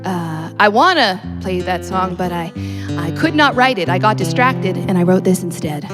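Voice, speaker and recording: A woman doing a musical comedy set with deadpan, self-mocking asides as she introduces her songs. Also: on the low side, normal speed. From Canada. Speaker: comedy singer. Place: stage filmed without audience. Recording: with guitar music behind. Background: acoustic guitar.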